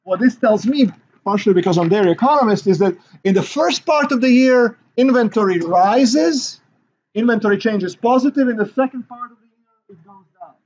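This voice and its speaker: A man's voice: very high voice, normal speed, a little mellow, lo-fi sound, a little hiss or hum. A male university instructor giving a recorded class lecture in a casual, rambling way with many fillers and restarts.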